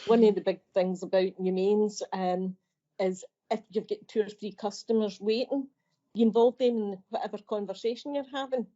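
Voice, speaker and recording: A woman's voice: mid-range voice, fairly even intonation, normal speed, mellow. A woman who works as a library assistant, describing everyday library life on a podcast. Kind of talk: podcast conversation. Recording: dull lo-fi podcast audio.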